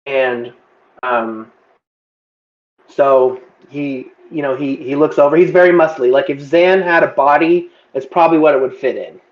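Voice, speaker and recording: A man's voice: mid-range voice, unhurried, highs cut off. A man casually describing his tabletop game character in a rambling, chatty way. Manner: rambling, laughing.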